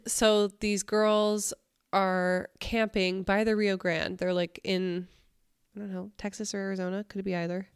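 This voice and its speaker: A woman's voice: medium pitch, flat delivery, measured pace, smooth, no room sound, studio quality. A woman co-hosting a podcast, casually retelling a creepy story with loose phrasing full of likes and I don't knows. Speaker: podcast co-host. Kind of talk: casual chat.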